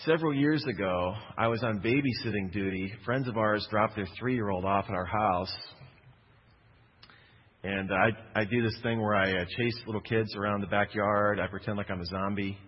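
A man's voice: lowish voice, moderate pace, slightly rough, big-room sound, muffled recording. A man preaching a sermon, telling a personal story in a conversational way with jokey asides.

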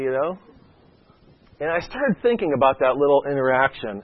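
Male preacher at a medium pitch, chatty and anecdotal, on a dull lo-fi recording. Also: big pitch swings, normal speed, long pauses, a little hiss or hum. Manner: conversational, often adds "okay?". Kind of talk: sermon with a personal story. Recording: dull lo-fi sound.

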